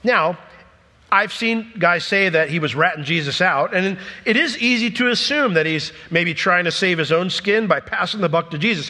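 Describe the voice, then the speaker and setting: A man preaching a sermon, retelling scripture accounts in an animated storytelling way and briefly acting out the people he quotes. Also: sits high, moderate pace, big-room sound. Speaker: pastor.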